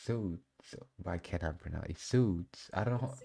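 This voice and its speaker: Low, dark-toned young man, non-native English, laid-back live trading talk. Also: fast, creaky. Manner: casual and slangy, often says "bro". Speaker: day trader streaming live. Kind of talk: casual live trading commentary.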